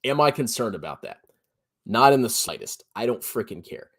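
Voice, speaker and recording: A man in his thirties giving blunt, sarcastic personal finance commentary on his own channel, often jumping to a high mocking pitch. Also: sing-song, normal speed. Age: 30s. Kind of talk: animated solo commentary.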